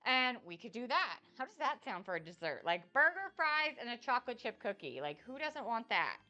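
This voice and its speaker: A woman cooking on a live stream, chatting in an excitable, bubbly way with a slight lisp. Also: fairly high pitch. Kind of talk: casual live-stream chat.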